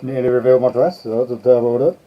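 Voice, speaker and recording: A man's voice: medium pitch, fairly even intonation, very fast. A man hosting a casual live stream, chatting and greeting his viewers one by one. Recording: slightly dull lo-fi sound.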